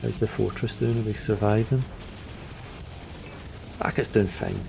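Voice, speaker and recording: A man's voice: fairly low pitch, fairly even intonation, unhurried, gravelly, over music. A man casually commenting while he plays a video game, chatty and jokey, with enthusiastic asides. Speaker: gaming video host. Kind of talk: casual commentary over gameplay.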